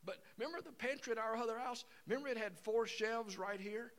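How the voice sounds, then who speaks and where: A man's voice: very high-pitched, brisk, a bit bright, pitched above the performer's own voice. A man voicing a cheerful middle-aged wife who gushes sweetly as she reassures her husband. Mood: gushing.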